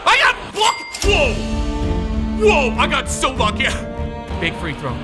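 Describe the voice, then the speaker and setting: A man hosting a gaming video, giving excitable live commentary on his own play and shouting and groaning at the game. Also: very high voice, slow. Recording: loud game music behind the voice.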